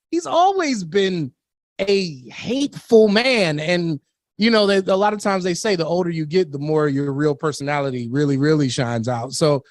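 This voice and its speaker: Talk radio guy, kinda high voice, blunt, laughs a lot between points. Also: no echo, clean studio sound. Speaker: radio talk show host. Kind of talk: political talk radio chat.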